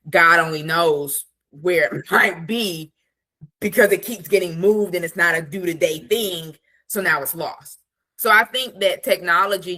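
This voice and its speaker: A woman's voice: lowish voice, bright, forceful tone. A woman productivity coach speaking as a podcast guest from her home office desk over a video call. She chats casually with lots of "like" fillers and acts out quoted thoughts. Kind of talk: casual conversational interview.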